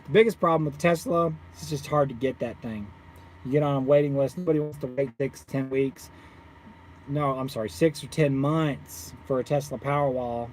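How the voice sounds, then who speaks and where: A man who runs a solar installing business, ranting casually to viewers with animated exasperation. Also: medium pitch, normal speed, a little hiss or hum. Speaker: solar installer, channel owner.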